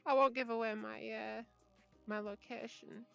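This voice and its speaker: A woman's voice: a little high, steady tone, a little slow, gravelly, soft background music. A young woman from Britain with an English accent, chatting casually with her livestream viewers and laughing often. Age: young adult. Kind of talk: casual chat reading viewer messages.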